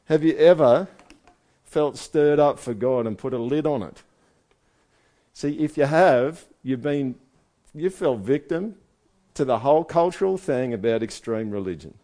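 A man's voice: mid-range voice, lively intonation, unhurried, pauses often, warm tone. A man preaching a sermon in a conversational way, asking his listeners one rhetorical question after another. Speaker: pastor.

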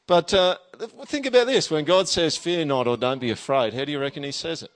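A pastor giving a sermon, reading scripture aloud with emphasis and talking to the listener in a conversational way with frequent tag questions. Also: male voice, fairly high pitch, lively intonation, a little fast, few pauses.

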